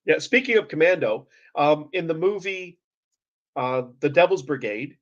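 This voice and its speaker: A man's voice: on the high side, lively intonation, normal speed, lo-fi sound. A man from Canada chatting casually as co-host, easygoing and hesitant with fillers. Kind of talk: casual chat.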